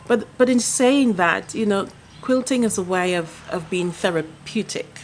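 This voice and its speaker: A middle-aged woman sharing a personal story in a vlog, speaking softly and haltingly, with many restarts. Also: medium pitch, slight background noise. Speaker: quilting vlogger. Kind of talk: personal vlog talk to camera.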